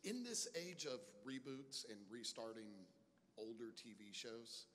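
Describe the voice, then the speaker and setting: A man's voice: medium pitch, expressive, a little slow, a bit bright. A man in the audience politely putting a question to a panel guest. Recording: distant voice in an echoey hall with faint noise.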